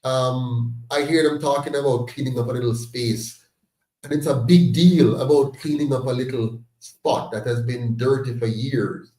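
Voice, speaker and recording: A Jamaican man hosting a political talk, his voice mellow and dark. He speaks emphatically and breaks into loud, indignant exclamations. He sounds distant from the mic, in a roomy space. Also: mid-range voice, steady tone, moderate pace. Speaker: host of a political discussion meeting.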